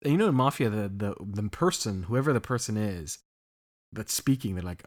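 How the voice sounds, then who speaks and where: A man's voice: fairly low pitch, lively intonation, moderate pace. A man co-hosting a podcast in casual chat, laughing often and swearing freely. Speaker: podcast co-host.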